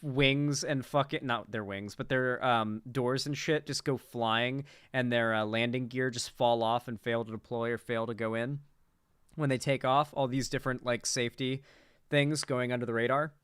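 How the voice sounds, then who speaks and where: Profane, fast-rambling man with a crisp voice. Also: medium pitch, fairly even intonation, fairly bright tone, no echo, studio quality. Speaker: political commentary streamer. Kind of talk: casual reaction commentary.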